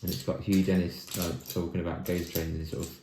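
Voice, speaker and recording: A man's voice: low voice, little pitch movement, fast. A man hosting a home video, thinking aloud as he builds, with dry jokes. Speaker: vlog host building a toy set. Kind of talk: casual step-by-step commentary. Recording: echoey room with faint noise.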